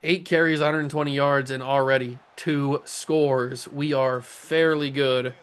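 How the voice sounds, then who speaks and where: A young man hosting casual gameplay commentary, playful and cocky, breaking into excited play-by-play calls. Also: mid-range voice, a little slow, smooth. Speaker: gaming YouTuber, host.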